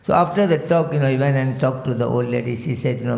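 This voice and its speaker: Brief: male swami from Malaysia, storytelling sermon, gravelly edge, roomy temple reverb. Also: mid-range voice, moderate pace, darkish tone. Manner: frequent "you know" fillers, chants verses in a singsong. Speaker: swami giving a temple lecture. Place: temple hall. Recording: echoey temple hall.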